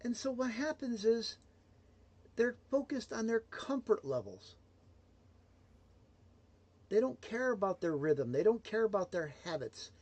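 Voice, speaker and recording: A man giving a motivational livestream talk, emphatic and swinging between loud declarations and hushed asides. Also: sits high, big pitch swings, unhurried, long pauses, lo-fi sound. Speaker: motivational speaker.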